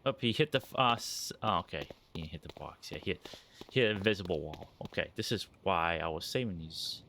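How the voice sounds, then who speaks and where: A man gives casual, playful commentary while playing a game, chatting and joking. His voice sits very low, and loud noise runs behind him. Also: lively intonation, brisk, creaky. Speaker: game streamer. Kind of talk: casual let's-play commentary.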